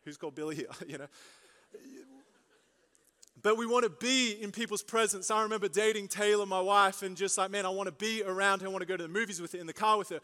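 A young man preaching a sermon, telling a lively story with jokes and asides before turning to his main point. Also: sits high, fast talker. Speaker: pastor. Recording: long reverb of a large hall.

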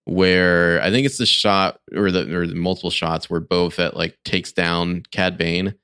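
A man's voice: low voice, fairly even intonation, normal speed, pushed and bright, clean tone, no room sound, studio quality. A man co-hosting a podcast, casually picking apart a TV show in a sarcastic, rambling way with lots of filler words. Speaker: podcast co-host. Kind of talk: casual chat reviewing a TV show.

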